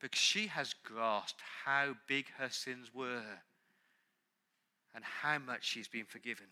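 Bright-voiced male pastor preaching. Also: mid-range voice, takes it slowly. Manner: earnest, emphatic preaching with repeated phrases. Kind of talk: sermon.

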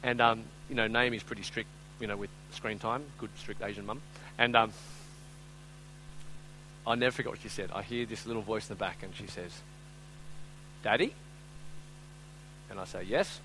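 A man preaching a live sermon, moving between loud, urgent appeals and quiet, chatty storytelling full of fillers. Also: lowish voice, steady tone, a little fast, a little hiss or hum, poor audio. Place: speaking before a live audience.

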